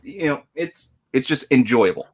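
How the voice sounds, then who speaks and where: A man's voice: medium pitch, lively intonation, normal speed, breathy edge. Casual man reviewing a book. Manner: thoughtful, hesitant restarts. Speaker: podcast co-host.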